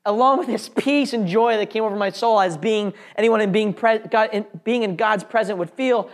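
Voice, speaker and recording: A man's voice: high voice, moderate pace, hardly any pauses. Earnest man sharing a faith testimony. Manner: earnest, heartfelt storytelling. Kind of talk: personal faith testimony to an audience.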